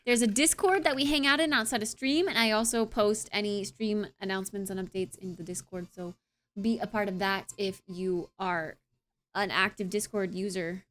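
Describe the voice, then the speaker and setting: A woman's voice: mid-range voice, steady tone, normal speed, fairly bright tone. A young woman streamer wrapping up her live stream in casual, rambling chat, with lots of filler sounds and playful asides. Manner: playful, tries out accents.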